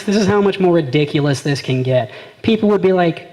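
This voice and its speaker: A man's voice: a little high, lively intonation, fast talker, few pauses, background noise. A man performing a stand-up comedy set, telling stories with quoted back-and-forth exchanges. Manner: conversational storytelling with quoted exchanges. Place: small live venue.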